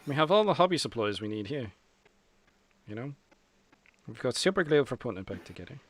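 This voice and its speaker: A man's voice: mid-range voice, big pitch swings, a little fast, fairly bright tone. A young Irish man hosting a casual live chat, joking and teasing his guest. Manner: jokey, teasing banter. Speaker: host.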